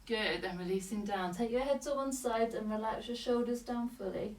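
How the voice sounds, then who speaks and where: A woman yoga teacher guiding a class with calm, breath-paced cues and short commands, slightly out of breath. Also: fairly high pitch, normal speed. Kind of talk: guided yoga class instruction. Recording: echoey room, voice from a distance.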